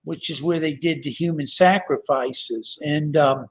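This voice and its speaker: A male podcast host in casual chat, rambling and halting with many fillers. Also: fairly high pitch. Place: Pennsylvania.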